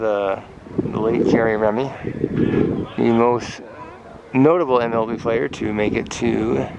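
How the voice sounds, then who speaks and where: A man's voice: medium pitch, creaky. A man giving joking, chatty commentary at a ballpark for his sports travel vlog, filmed outdoors on a handheld camera. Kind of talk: casual play-by-play vlog commentary. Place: outdoor ballpark on a windy day. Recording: dull lo-fi camera audio with loud wind noise.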